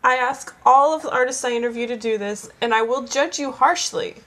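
A woman's voice: high-pitched, a little fast, fairly bright tone. A woman interviewer, hosting a lighthearted, teasing conversation with musicians. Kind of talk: casual interview.

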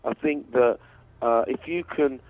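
A man, a DJ and producer, answering interview questions in a relaxed way, thinking aloud as he goes. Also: medium pitch, a little slow, narrow, tinny audio, background noise. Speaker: DJ and producer guest.

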